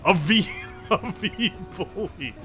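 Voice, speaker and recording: A man's voice: high voice, lively intonation, slow pace, fairly bright tone, faint music behind. A man streaming live, reading his chat aloud and reacting in a joking, profane way. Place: home streaming setup.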